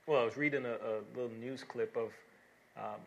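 A man with a mid-range, creaky voice delivers a sermon a little fast in a steady tone, captured on lo-fi audio. He reads verses aloud and explains them earnestly, with fillers and restarts, rising to emphatic exhortations.

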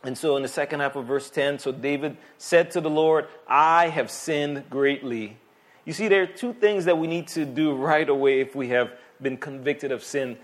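A man preaching a sermon as pastor, animated and emphatic, with vivid everyday asides. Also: a little high, a little fast, few pauses.

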